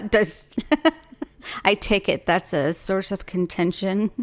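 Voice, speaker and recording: A woman co-hosting a podcast, trading quick quips in casual chat and laughing easily. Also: mid-range voice. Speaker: podcast co-host.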